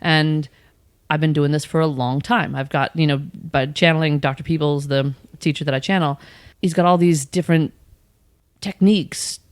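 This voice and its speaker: Woman, podcast guest, slightly low voice, animated and laughing, dry close sound. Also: moderate pace, no echo. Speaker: guest, spiritual coach and channel. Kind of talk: casual podcast chat.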